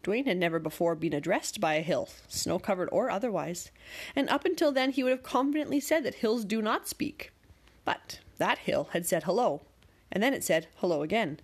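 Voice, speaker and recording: A woman narrating a bedtime story in a calm, gentle, measured way. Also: mid-range voice, breathy edge.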